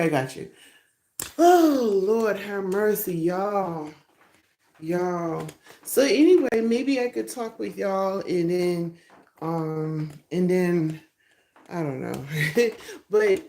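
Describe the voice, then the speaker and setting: A middle-aged woman with a lowish, creaky, mellow voice hosts a casual live stream from her phone. She chats loosely with viewers and laughs often, and the recording has a roomy echo.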